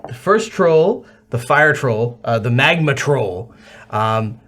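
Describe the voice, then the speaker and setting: Animated man running a tabletop game. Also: mid-range voice, takes it slowly, background noise. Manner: animated, laughing narration with restarts. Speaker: game master.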